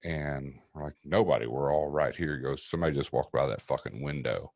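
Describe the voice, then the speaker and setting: A man from East Tennessee with an extremely deep voice and vocal fry tells a story fairly quickly as a paranormal investigator guest on a podcast. He's profane and relaxed, vividly acting out what people said, and sits close to a dry mic with no room sound.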